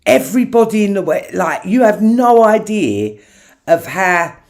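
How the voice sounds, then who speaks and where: A man talking slowly on a livestream, stammering over his words. His pitch swings widely as he gets going. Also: expressive. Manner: hesitant, stammering, laughing along. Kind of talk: casual chat.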